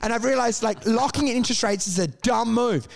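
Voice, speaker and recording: High-voiced crude storytelling man. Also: fairly quick, gravelly, faint music behind. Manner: crude, animated, laughs through stories. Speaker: guest telling stories. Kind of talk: casual storytelling chat.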